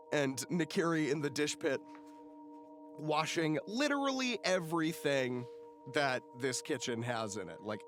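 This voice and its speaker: A man's voice: fairly high pitch, a bit bright. A man narrating a tabletop game as game master, casual and swearing freely.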